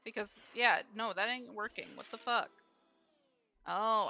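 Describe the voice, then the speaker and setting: A woman's voice: mid-range voice, measured pace, creaky, bright, forceful tone. A woman streamer giving casual live commentary on a game, grumbling aloud and swearing freely.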